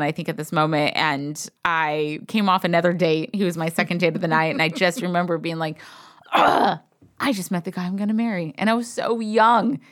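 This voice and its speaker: Chatty woman telling a story. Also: on the low side. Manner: chatty storyteller, animated quoted asides. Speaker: podcast co-host. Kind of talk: casual chat.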